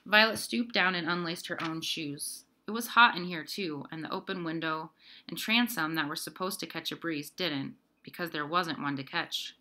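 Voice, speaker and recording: A woman reading a novel aloud in an even storybook manner, narrating the scenes. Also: deep voice, moderate pace. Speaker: audiobook reader. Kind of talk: scripted narration.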